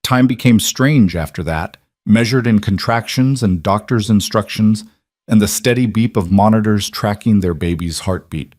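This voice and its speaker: Man, story narrator, scripted narration, measured, low pitch, dry. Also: a little mellow, no echo.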